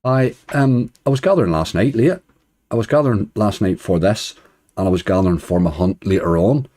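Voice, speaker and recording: A man's voice: lowish voice, animated, fairly quick, warm tone. A man hosting a casual live stream, chatting and greeting viewers one by one with easy chuckles. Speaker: slots streamer greeting chat.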